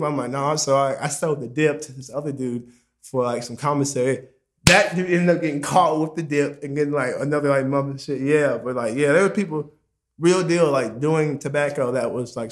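A young man in casual chat, telling a long story in a rambling, profane, slang-filled way with many fillers, and laughing loudly at the funny parts. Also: on the high side.

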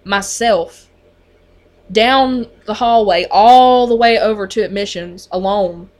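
A woman's voice: medium pitch, slow pace, darkish tone. A woman who works on a mental health unit tells a story in casual conversation, chatty and full of fillers.

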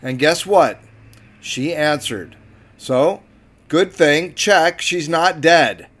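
A man's voice: fairly high pitch, slow pace, a bit bright. A man hosting his own podcast, talking casually with wry, profane asides. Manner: profane, wry and self-deprecating. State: sober. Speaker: podcast host and taxi driver. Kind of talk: casual monologue and recorded chat with a passenger.

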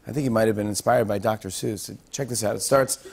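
A man's voice: on the low side, steady tone, quick pace, gravelly, a little mellow. A man hosting a late-night talk show, delivering a comedy monologue with punchy, playful emphasis before a live studio audience. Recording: studio audience laughter and noise.

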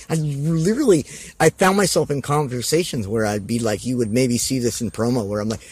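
A man's voice: medium pitch, expressive, fast talker, a little mellow, slightly rough, no room sound. A man talking as a podcast guest in a loose, rambling way, full of fillers and restarts. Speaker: guest, professional wrestler. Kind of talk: casual podcast interview.

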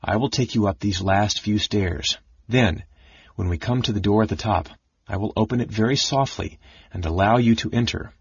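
A hushed, grave old mage in red robes who gives orders in a low, soft voice, as a man acts him for an audiobook. The tone is husky and dry, the recording dull. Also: normal speed, no room sound. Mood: hushed awe.

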